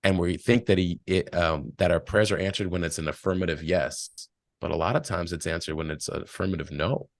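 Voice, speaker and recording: Low-voiced man, reflective and dry. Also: brisk, no echo. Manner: reflective, tells stories with acted quotes. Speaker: podcast guest. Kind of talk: casual spiritual talk.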